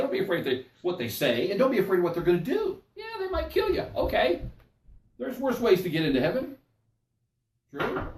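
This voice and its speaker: An older man and pastor leading a Bible study sermon in a folksy, conversational way, often checking in with his listeners. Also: high-pitched. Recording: echoey room, mic at a distance.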